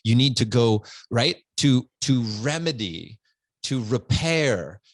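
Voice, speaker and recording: A man's voice: medium pitch, slow, no room sound. A man in his forties telling a personal story on a podcast, earnest and open, close to tears at times. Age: 40s. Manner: earnest, open, animated retelling with quoted voices. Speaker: podcast guest.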